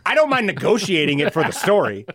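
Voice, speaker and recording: A man's voice: high-pitched, big pitch swings, quick pace, fairly bright tone, no echo, studio quality. A man co-hosting a podcast in casual chat, rambling and profane, often breaking into laughter. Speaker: podcast co-host.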